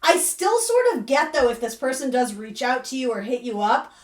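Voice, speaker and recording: A woman's voice: high-pitched, big pitch swings, normal speed, distant mic. A woman giving a casual, rambling tarot reading to camera, full of asides and fillers. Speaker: tarot reader. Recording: echoey room, voice a bit off-mic.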